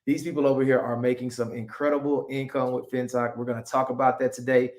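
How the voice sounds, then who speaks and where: A man hosting a live stream, hyped and upbeat, introducing guests in an excited chatty way. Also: medium pitch, fast. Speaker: host. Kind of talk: excited livestream chat.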